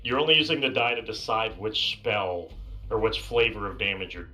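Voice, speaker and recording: A woman playing a tabletop game, explaining the rules in a lively way. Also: very deep voice, normal speed, soft background music. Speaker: player. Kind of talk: tabletop role-play as a player.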